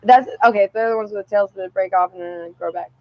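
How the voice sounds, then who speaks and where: A young woman vlogging outdoors, telling a rambling story in a casual, profane, animated way and laughing often. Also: medium pitch, fast, no room sound, lo-fi sound.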